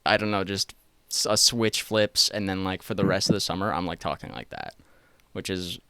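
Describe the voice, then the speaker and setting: A man born in Sweden, raised in the States and speaking with an American accent, chatting on a podcast as a guest in a halting, laid-back way with lots of fillers. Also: deep voice, steady tone, pushed and bright, smooth, dry recording. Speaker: guest musician. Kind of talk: casual podcast chat.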